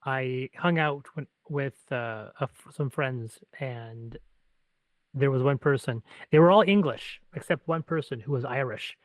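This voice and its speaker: A man's voice: mid-range voice, measured pace, dry recording, low-quality recording. A Canadian man co-hosting a podcast, rambling and self-correcting as he tells stories. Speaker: podcast co-host. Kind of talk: podcast chat.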